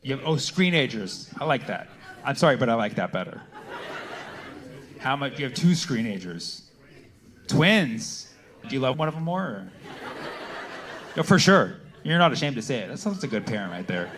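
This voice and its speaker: A man's voice: medium pitch, very animated, normal speed, pauses often, a bit bright. A male stand-up comedian doing a mocking set with crowd work, talking to the audience from a club stage. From Arab heritage. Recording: echoey club, distant mic. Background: audience laughter.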